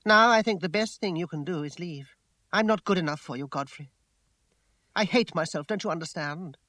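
A troubled young woman speaks in a raised, emotional, pleading way, voiced by a man reading aloud. The voice sits higher than his own, the delivery is tearful and proud, and the sound is dry with no room echo. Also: normal speed, bright, forceful tone. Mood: distraught. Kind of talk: audiobook character voice.

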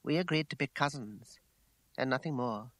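A man's voice: mid-range voice, moderate pace, a bit bright, dry recording, natural voice. A man reading an audiobook voices a proud, troubled young woman whose lines come out raised, emotional and pleading. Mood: guarded. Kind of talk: audiobook character voice.

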